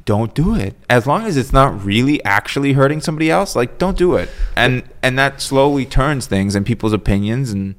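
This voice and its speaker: A man chatting casually as a podcast co-host, agreeable, chiming in with quick yeahs. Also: mid-range voice, lively intonation. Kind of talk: casual chat.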